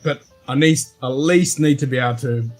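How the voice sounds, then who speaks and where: An Australian man hosting a whisky livestream, talking fast with slurred, sweary banter. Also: mid-range voice, a little mellow, faint music behind, poor audio. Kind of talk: casual livestream chat.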